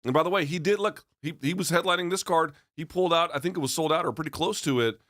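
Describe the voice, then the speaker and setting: Male studio co-host, animated and chatty, close dry mic. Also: a little high, quick pace, no room sound. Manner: animated, chatty, talks over his co-host. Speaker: podcast co-host. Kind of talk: casual sports talk.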